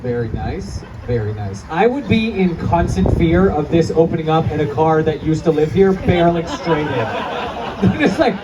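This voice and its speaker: A man's voice: a little high, expressive, moderate pace. A man in his thirties doing a profane, self-mocking stand-up set, laughing through his punchlines. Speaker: stand-up comedian. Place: comedy club before a live crowd. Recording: distant stage audio with crowd noise. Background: audience laughter and chatter.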